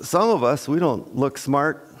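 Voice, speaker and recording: A man preaching a Sunday sermon as pastor, unhurried and folksy, with restarts, fillers and joking asides to his congregation. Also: medium pitch, animated. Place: church sanctuary. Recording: long church-hall reverb.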